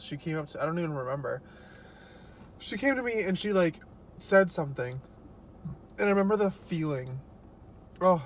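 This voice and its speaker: A man's voice: on the high side, slight background noise. A young man vlogging casually as he eats, telling stories in a chatty way with lots of fillers. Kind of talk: casual mukbang chat.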